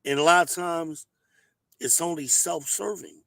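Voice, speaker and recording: A hoarse man, hosting an advice show and talking bluntly and emphatically. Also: fairly high pitch, unhurried, fairly bright tone, no room sound. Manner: emphatic, preachy, blunt with cursing. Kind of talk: casual advice monologue.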